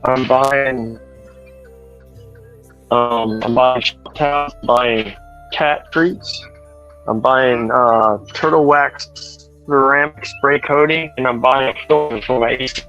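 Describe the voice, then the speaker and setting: A man's voice: mid-range voice, steady tone, slow pace, sharp tone, highs cut off, faint music behind. A man chatting casually while shopping in a big store, rambling and correcting himself as he talks. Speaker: truck driver streamer. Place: large store.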